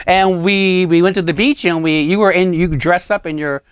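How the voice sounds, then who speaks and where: A photographer hosting a casual chat, speaking with a New England accent and laughing often. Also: male voice, high voice, a little slow, clear, resonant tone, dry recording, clean studio sound. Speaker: host, photographer.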